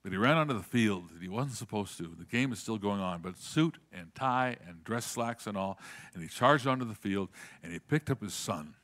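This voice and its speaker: A man's voice: on the low side, animated, moderate pace, fairly bright tone. Earnest man preaching through a story. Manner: earnest, repeats words when starting sentences. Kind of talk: sermon storytelling.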